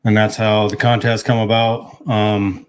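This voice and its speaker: A man's voice: on the low side, level tone, a little slow, clean tone. A man from South Dakota, a guest on a casual interview, talking in a plain, matter-of-fact way.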